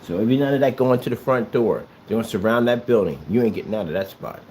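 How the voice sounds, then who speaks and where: A man's voice: medium pitch, fast, darkish tone, slight background noise. A man ranting at someone straight to the camera, scolding and sarcastic, with a lot of repetition. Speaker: vlogger. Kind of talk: confrontational address to camera. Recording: echoey room.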